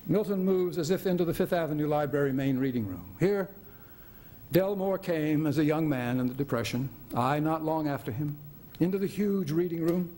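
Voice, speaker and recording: Brief: blunt, worried writer friend, reflective narration, older man reading, voice pitched a little high. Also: lively intonation, normal speed, warm tone, close to an everyday voice. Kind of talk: dramatic reading of a play.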